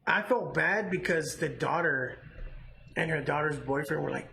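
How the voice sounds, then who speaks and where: A man's voice: a little high, normal speed, creaky, bright, forceful tone, a little hiss or hum. A man co-hosting a casual movie chat, a profane storyteller who laughs a lot. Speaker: podcast co-host.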